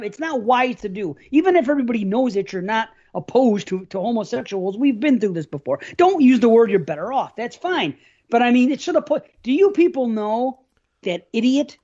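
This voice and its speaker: A man's voice: extremely high pitch, darkish tone. Man, podcast host, profane rant, stop-start delivery, dull lo-fi sound. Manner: ranting, profane, restarts a lot. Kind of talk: casual profane chat.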